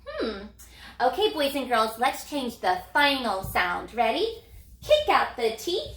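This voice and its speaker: A woman elementary reading teacher guides young children through sounding out words, speaking slowly with a sing-song lilt and lively prompts. Her voice is bright and a little high. The sound carries an echo from the room. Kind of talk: phonics lesson for young children.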